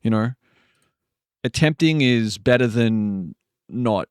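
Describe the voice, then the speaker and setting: Live streamer, man in his 40s, wry exasperated rants, bouncy lively pitch, dry close desk mic. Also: moderate pace, no echo. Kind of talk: casual live-stream chat reacting to videos.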